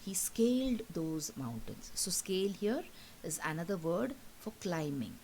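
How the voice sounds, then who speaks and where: A woman's voice: fairly low pitch, sing-song, unhurried, dark tone, slight background noise, poor audio. A woman teacher with an Indian English accent giving a recorded school lesson, explaining patiently, repeating points and checking in with "okay?". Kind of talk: recorded online class lesson.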